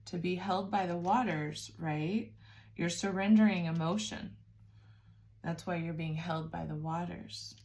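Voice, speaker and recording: A tarot reader gives a spiritual reading in a fairly low voice, speaking softly and warmly to the listener. Nurturing and emotional to the point of sounding teary, she calls the listener "babes."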